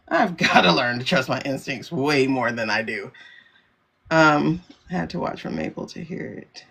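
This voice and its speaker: A woman's voice: rumbling low, animated, normal speed, vocal fry, a bit bright, slightly rough. A woman hosting a casual livestream, talking in a chatty, rambling way with frequent laughter. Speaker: livestream host.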